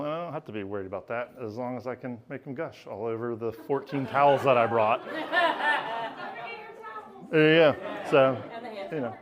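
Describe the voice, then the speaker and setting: A man's voice: mid-range voice, moderate pace, long pauses, lo-fi sound, crowd noise. A man telling a candid, self-mocking personal story on stage at a live storytelling event, laughing as he goes.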